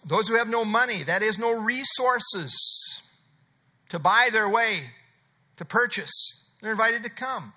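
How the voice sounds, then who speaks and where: A man's voice: high voice, unhurried, sharp tone. A middle-aged man preaching an expository sermon, emphatic and conversational, repeating his key phrases. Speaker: pastor.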